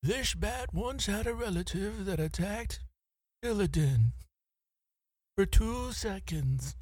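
A frail old male sage from a game murmurs a tale slowly, quiet and quavering. A man plays him, with a clearly raised pitch. The sound is dry and close. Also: lively intonation, no echo, full character voice. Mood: mock-solemn.

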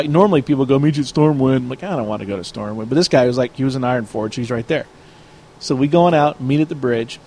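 A man's voice: medium pitch, darkish tone, a little hiss or hum. A man chatting casually, telling a long story and acting out both sides of an argument. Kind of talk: casual chat.

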